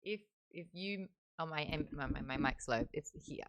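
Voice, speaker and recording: A woman's voice: low-pitched, moderate pace, a bit bright. An Australian woman hosting a live-stream book club, chatting casually and reading viewer comments aloud into a desk mic. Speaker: livestream book club host. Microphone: desk microphone beside a webcam.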